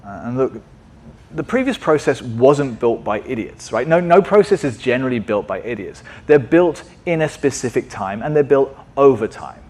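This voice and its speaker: Guy giving a tech meetup talk, casual, keeps tossing in "right?" to the room, mid-pitched voice. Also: lively intonation, normal speed, darkish tone. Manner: conversational, asks frequent "right?" checks. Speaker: conference speaker.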